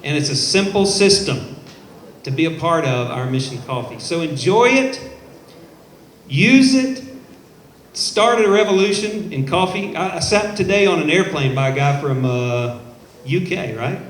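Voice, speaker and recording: A man giving a live sales pitch to an audience, upbeat and persuasive, talking straight to the crowd at an event in a showroom. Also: animated, measured pace. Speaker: company presenter. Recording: echoey room, faint background noise.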